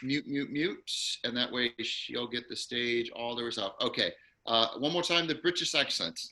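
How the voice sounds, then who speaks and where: A man's voice: medium pitch, lively intonation, normal speed, pushed and bright. A man hosting an acting class over a video call, upbeat and encouraging.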